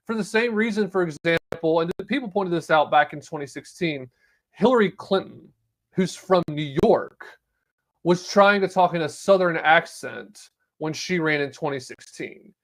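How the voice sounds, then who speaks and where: A man hosts his own podcast, talking through the news in a loose, sarcastic way. His voice sits slightly higher than most men's. He breaks off now and then to read an article aloud. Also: normal speed. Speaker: podcast host. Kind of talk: solo political commentary.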